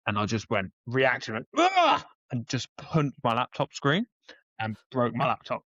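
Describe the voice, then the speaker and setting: A man's voice: medium pitch, normal speed, bright, forceful tone, dry recording, lo-fi sound. A man, chatting and joking as a podcast co-host. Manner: laughing, jokey banter. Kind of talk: casual chat.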